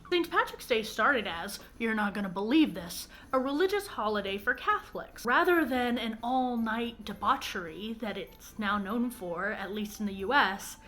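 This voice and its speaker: A woman's voice: on the high side, lively intonation, normal speed, fairly bright tone. Self-mocking woman explaining anthropology. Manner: self-mocking, academic nitpicking. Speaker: anthropology video creator. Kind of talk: educational vlog commentary.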